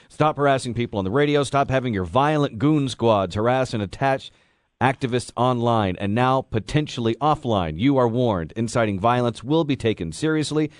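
A man reading the news on a radio show, using a deep announcer's radio voice on a studio microphone. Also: lively intonation, moderate pace, no room sound.

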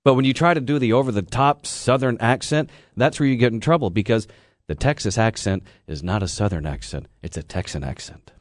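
A man's voice: medium pitch, animated, fairly quick, dry recording, clean studio sound. A man from Georgia co-hosting a radio talk show, agreeable and explaining his points. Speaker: radio co-host. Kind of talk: casual radio chat.

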